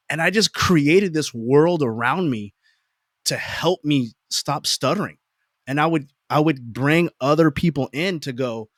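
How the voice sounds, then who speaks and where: A man's voice: a little high, lively intonation, moderate pace, no echo, clean studio sound. A man in his forties telling personal stories, often repeating words and restarting sentences, acting out his own inner thoughts. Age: 40s. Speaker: podcast guest. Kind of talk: reflective personal storytelling.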